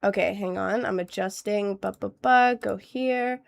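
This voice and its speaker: With vocal fry in a mid-range voice, a woman in her late teens livestreams casual chat while sick with a cold. She sounds stuffy and slightly nasal, rambling in a bubbly way and laughing readily.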